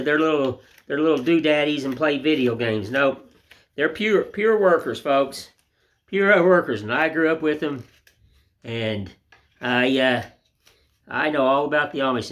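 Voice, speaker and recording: A man who chats in a folksy, rambling way while he carves wood in his workshop. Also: fairly high pitch. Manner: folksy, rambling, down-home sayings. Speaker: woodcarver. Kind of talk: casual chat while carving. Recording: loud workshop tool noise. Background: loud chisel and mallet knocks.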